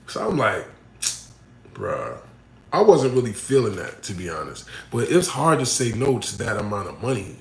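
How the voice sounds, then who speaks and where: A man, a battle rapper, talking casually to camera and answering a fan's question. He is blunt, repeats himself and swings between loud emphatic points and muttered asides. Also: mid-range voice, vocal fry. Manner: blunt, repeats himself, full of "you know what I'm saying" and "right?". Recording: echoey room.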